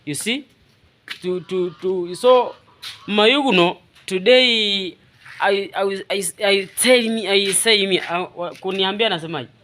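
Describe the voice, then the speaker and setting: A man with a Swahili accent chatting casually in halting English, repeating words and laughing often. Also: sits high, a bit bright. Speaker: vlogger. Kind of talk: casual chat in broken English.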